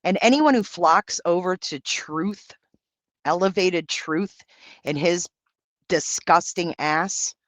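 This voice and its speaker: A man's voice: high-pitched, slow, fairly bright tone, no room sound. A man hosting a livestream, reading out and answering viewer comments in brash, profane, campy banter. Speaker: livestream host.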